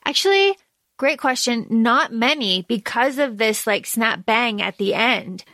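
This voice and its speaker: A woman co-hosting a casual book podcast, talking in animated bursts and circling back on herself. Her voice sits a little high. The recording is close and dry, with no room sound. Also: measured pace, no room sound. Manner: animated, rambling storytelling with restarts. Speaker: podcast co-host. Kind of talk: casual chat.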